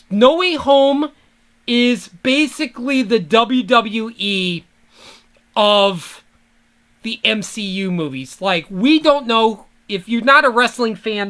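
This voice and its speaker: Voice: medium pitch, fairly bright tone. A podcast host giving a rambling, profane solo fan rant that keeps trailing off.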